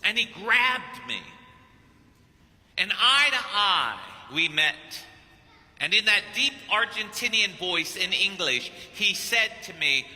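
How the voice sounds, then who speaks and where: A priest from Kentucky tells a sermon story with lively acted-out dialogue. His high voice has a sharp, bright edge. It carries with a long, ringing church reverb. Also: takes it slowly. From Kentucky, United States. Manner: animated storyteller who acts out dialogue. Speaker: priest and missionary preacher. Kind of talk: anecdotal sermon.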